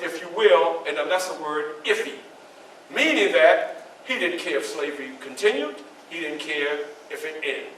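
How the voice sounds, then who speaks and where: A spirited, proud statesman, as a man acts him out tells his story in first person and keeps turning to address listeners. His voice sits high and bright. It comes from a distance in a very reverberant library hall with a faint hiss. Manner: animated, addresses the audience directly. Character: Frederick Douglass, proud male orator and statesman. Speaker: historical reenactor. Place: library event room, indoors.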